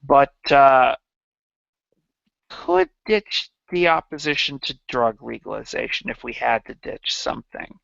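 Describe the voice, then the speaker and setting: A man hosting a livestream in casual satirical chat, halting and rambling with many restarts. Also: mid-range voice, animated, vocal fry, a bit bright, no room sound, muffled recording. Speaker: livestream host.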